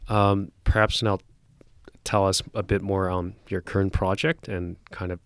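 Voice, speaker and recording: A man's voice: low-pitched, little pitch movement, measured pace, clear, resonant tone, no room sound. A male podcast host asking laid-back questions in a casual interview.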